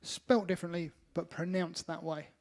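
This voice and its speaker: A man with a fairly high voice trades quick banter with his bandmate on a band's livestream. He teases and laughs easily, keeping the chat light. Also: flat delivery, darkish tone. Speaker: band member and co-host.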